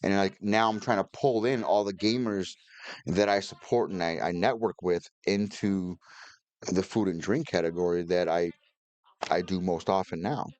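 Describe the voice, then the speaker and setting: Low-voiced laid-back man, dry sound. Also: moderate pace, darkish tone, no room sound. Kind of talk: casual chat.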